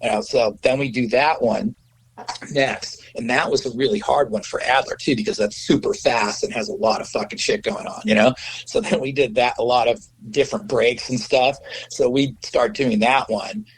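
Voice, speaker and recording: Man guest, mid-pitched voice, loose and profane, laughs through his anecdotes and mimics others. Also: normal speed, a little hiss or hum, poor audio. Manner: profane, laughing storyteller who acts out quotes. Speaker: guest musician. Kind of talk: casual anecdote telling.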